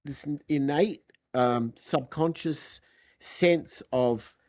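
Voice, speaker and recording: A middle-aged man with an Australian accent, chatting casually as a podcast guest and telling animated stories that act out quoted dialogue. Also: a little high, extremely slow, dry recording, studio quality. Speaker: podcast guest, recording engineer. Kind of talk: casual chat.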